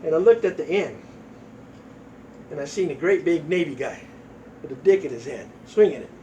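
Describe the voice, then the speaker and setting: A man's voice: fairly high pitch, expressive, moderate pace, warm tone, far from the mic, lo-fi sound, a little hiss or hum. A man in his sixties telling crude, profane jokes in a folksy storytelling way, acting out voices.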